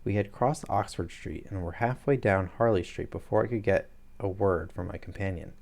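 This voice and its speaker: A man reading a detective story aloud on a live stream, steady and plain, with the odd joking aside. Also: low voice, normal speed, creaky.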